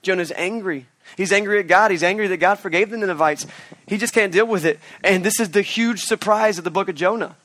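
Animated man preaching a sermon. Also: high voice, a little fast. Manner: animated storytelling, acts out quotes. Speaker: pastor. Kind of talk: outdoor sermon. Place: outdoors in a park.

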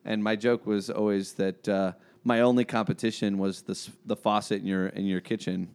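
A man's voice: lowish voice, level tone, moderate pace, a little mellow, smooth. A man, a pastor, hosting a podcast chat in a friendly, joking way and laughing along with his guests. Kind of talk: casual podcast conversation.

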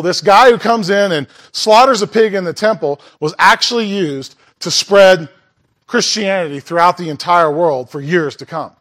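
A man's voice: high-pitched, a bit bright. A man preaching a sermon in a church in a conversational way, asking the congregation questions and making asides. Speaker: pastor.

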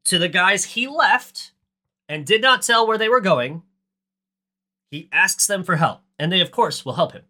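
Ranty, sarcastic man with a bright voice. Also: high-pitched, animated, a little slow. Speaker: podcast co-host. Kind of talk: casual movie recap chat.

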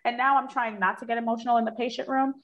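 A woman from New York, a dermatologist guest in an interview, telling her story in a lively way and laughing often. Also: on the high side, racing, lo-fi sound.

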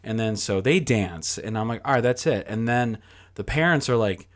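A man's voice: lowish voice, animated, moderate pace. A young man on a podcast telling a long, casual story, full of fillers like "like," acting out what people said and swearing freely. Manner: rambling, filler-heavy, acts out quoted dialogue, swears freely. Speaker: podcast guest.

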